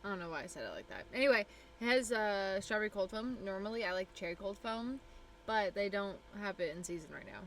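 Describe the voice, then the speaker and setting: A young woman streamer chatting casually with her viewers in a relaxed way. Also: mid-range voice, brisk, slight background noise.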